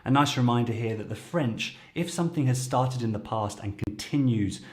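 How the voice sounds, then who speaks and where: A man's voice: medium pitch, normal speed, a little mellow. A man who is a native English speaker, hosting a lesson and patiently explaining phrases step by step. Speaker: French teacher and show host. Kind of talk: explaining language clips to camera.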